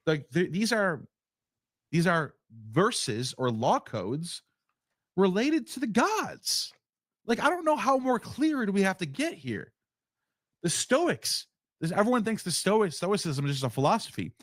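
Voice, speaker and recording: Male streamer, fairly high and very lively delivery, dry close sound, heated rhetorical commentary. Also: no echo. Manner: animated, worked up, rapid rhetorical questions. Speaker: streamer reacting to a video.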